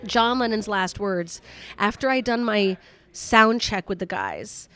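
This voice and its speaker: A woman comedian telling a story as a podcast guest in casual chat, lively and swearing freely, with quick asides. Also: mid-range voice.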